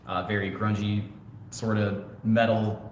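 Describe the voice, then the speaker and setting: Low-voiced man chatting in an echoey room. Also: level tone, measured pace. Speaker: co-host. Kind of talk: casual livestream chat reading comments. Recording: echoey room with faint noise.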